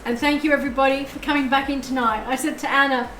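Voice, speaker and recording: A woman's voice: sits high, steady tone, quick pace, a bit bright, roomy sound, faint music behind, low-quality recording. A woman streaming live tarot readings, chatting effusively and thanking her viewers as she goes.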